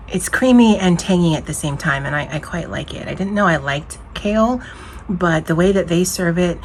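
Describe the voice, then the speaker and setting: A woman's voice: deep voice, a little hiss or hum. A woman vlogger casually chatting about her lunch, with many fillers and restarts. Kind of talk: casual lunch diary chat. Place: office at work on campus.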